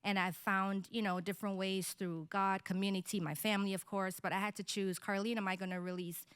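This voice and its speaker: A woman's voice: medium pitch, flat delivery, fairly quick, fairly bright tone, smooth, dry recording, studio quality. A woman in her thirties telling a personal story in a candid, storytelling manner on a podcast. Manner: candid, storytelling, laughs lightly. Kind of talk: personal testimony in conversation.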